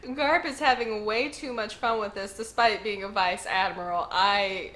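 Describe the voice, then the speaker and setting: A woman hosting a casual manga read-along, chatty and excitable, reacting to each chapter. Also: mid-range voice, slow pace. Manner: chatty and excitable, lots of "like" and "y'all".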